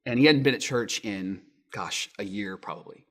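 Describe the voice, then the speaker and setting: A man in his thirties, a pastor giving a sermon with lively storytelling, acting out quotes in raised voices. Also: fairly low pitch, moderate pace.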